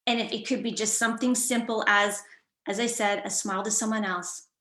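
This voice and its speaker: A woman's voice: medium pitch, steady tone, a little fast, a bit bright, roomy sound. A woman coach telling a personal story in a conversational, reflective way, with frequent fillers and restarts. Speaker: guest coach.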